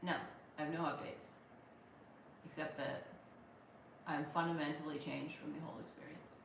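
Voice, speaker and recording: A woman's voice: low-pitched, flat delivery, normal speed, creaky, far from the mic, background noise. Wry American woman chatting on a livestream. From United States. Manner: wry, joking, thanks viewers by name. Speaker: livestream host reading viewer comments. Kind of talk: casual livestream chat. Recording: roomy echo from off-mic.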